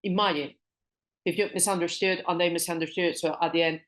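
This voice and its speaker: A woman with a Spanish accent teaching a business English lesson online, repeating phrases slowly and switching into Spanish to explain. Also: lowish voice, fairly even intonation.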